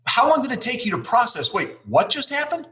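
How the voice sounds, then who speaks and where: A man's voice: very high-pitched, huge pitch swings, brisk, sharp tone, low-quality recording. A man hosting a podcast interview, upbeat and setting up questions for his guest. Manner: upbeat, scripted toasting intro. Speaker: podcast host.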